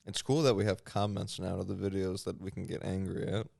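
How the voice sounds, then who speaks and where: A man's voice: deep voice, level tone, fairly quick, gravelly, a little mellow, no room sound, studio quality. A man co-hosting a podcast, joking around in crude casual banter with friends. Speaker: podcast co-host. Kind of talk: casual chat.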